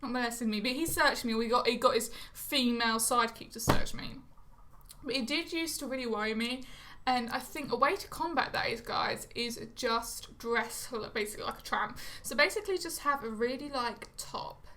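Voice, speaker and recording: A woman's voice: a little high, moderate pace, sharp tone. A young woman chatting to camera in a rambling, self-mocking way, swearing casually. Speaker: vlogger. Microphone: phone or camera close to her face.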